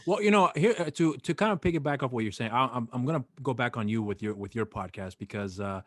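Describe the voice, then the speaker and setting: A man hosting a podcast in casual chat, talking haltingly with many fillers and restarts. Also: mid-range voice, dry recording, studio quality. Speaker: podcast host.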